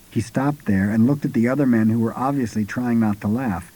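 A man narrating an audiobook in a measured, unhurried reading. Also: mid-range voice, warm tone, low-quality recording.

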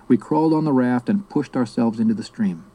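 A man from South America reading his memoir aloud in a steady, measured storytelling manner. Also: mid-range voice, husky, poor audio. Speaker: narrator.

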